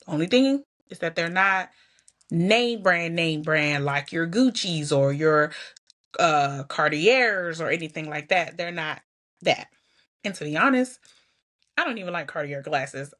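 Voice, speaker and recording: A woman's voice: sits low, expressive, unhurried, fairly bright tone. A woman hosting her own show, talking casually and candidly to viewers while trying not to cry. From Georgia, US. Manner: chatty, candid, laughs and sighs often. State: holding back tears. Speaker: podcast host. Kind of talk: casual personal vlog talk.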